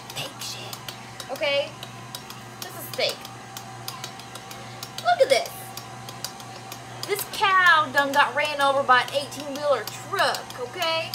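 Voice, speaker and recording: A young woman talking casually while cooking at home, animated and swearing freely as she asks her viewers "okay?" all the time. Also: sits high, low-quality recording. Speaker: cooking vlogger. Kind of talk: casual chatty cooking vlog.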